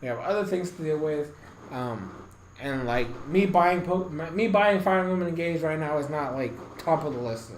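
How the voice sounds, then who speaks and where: A man's voice: a little high, lively intonation, moderate pace, echoey room, a little hiss or hum, low-quality recording. A man giving a casual, rambling game review, swearing constantly and getting heated, with bursts of laughter.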